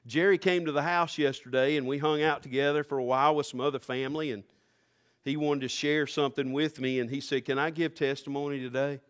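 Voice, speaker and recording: A male pastor preaching a sermon, rising fervently to near-shouts. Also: medium pitch, steady tone, brisk, clean tone.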